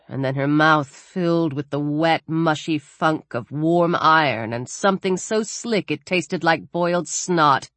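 A woman reading a horror story aloud in a measured, dramatic narrating style. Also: sits low, fairly bright tone, no room sound. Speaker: audiobook narrator.

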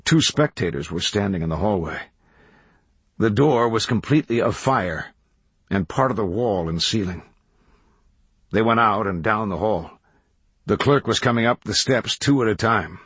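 A man reading a novel aloud as audiobook narrator, in measured, even storytelling. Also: fairly low pitch, breathy edge, dry recording. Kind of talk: scripted narration.

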